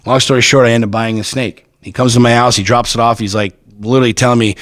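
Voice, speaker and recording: A man in his forties talks quickly, piling one story onto the next in a casual podcast chat. His pitch sits in an ordinary middle range. The sound is close and dry, and his delivery is profane, blunt and emphatic. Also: fairly even intonation, fairly bright tone, dry recording. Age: 40s. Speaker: podcast guest.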